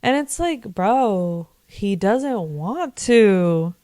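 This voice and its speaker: A woman's voice: mid-range voice, animated, very slow, dark tone, no echo. A young woman in her twenties casually recapping a TV episode, chatty and full of fillers, swearing freely. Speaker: vlogger.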